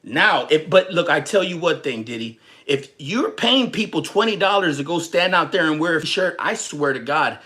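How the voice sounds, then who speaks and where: A man's voice: on the high side, moderate pace, hardly any pauses. A young man from Texas ranting casually and profanely on his livestream, rambling and joking with viewers. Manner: rambling, profane, animated, jokes and chats with viewers. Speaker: livestream host.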